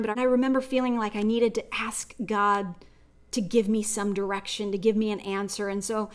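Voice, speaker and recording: A woman giving a devotional Bible teaching, talking in an earnest, reflective way and telling a personal story along the way. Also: on the high side.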